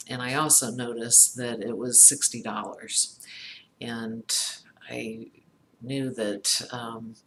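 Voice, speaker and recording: A middle-aged woman, a psychologist, slowly telling a personal story about empathy in a halting way, with many fillers and restarts. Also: rumbling low, fairly bright tone, a little hiss or hum.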